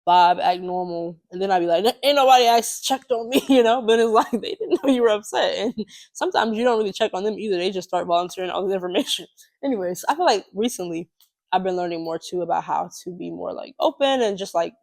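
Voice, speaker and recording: A woman's voice: fairly low pitch, quick pace, creaky. Chatty young woman telling a story. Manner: chatty, animated, laughs often, many fillers. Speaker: podcast co-host. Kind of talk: casual storytelling chat.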